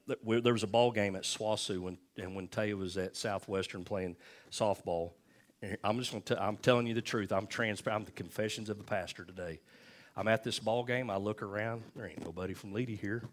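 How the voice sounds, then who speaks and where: A middle-aged male pastor with a lowish voice tells a self-deprecating story during a folksy, animated sermon.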